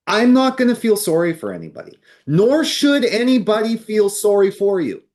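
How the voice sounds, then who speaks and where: This real estate podcast co-host is a man with a high, sing-song, slightly mellow voice at normal speed. In casual chat he is blunt and emphatic, showing little patience for indecisive buyers.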